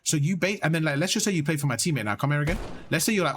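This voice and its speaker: A young man giving blunt, animated coaching on gameplay, swearing freely as he explains. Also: on the high side, very fast, a little hiss or hum. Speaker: gaming coach. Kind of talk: casual coaching over gameplay.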